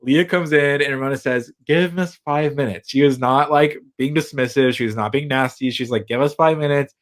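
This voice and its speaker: A young man co-hosts a casual podcast about reality TV, gossipy and animated as he acts out what the cast said. He swears freely and keeps a middle-pitched, everyday voice. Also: normal speed. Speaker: podcast co-host. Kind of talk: casual chat recapping reality TV.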